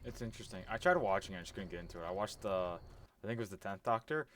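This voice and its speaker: Bright, lively self-deprecating male gamer. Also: fairly low pitch, racing. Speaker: streamer playing the game. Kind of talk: casual gaming chat.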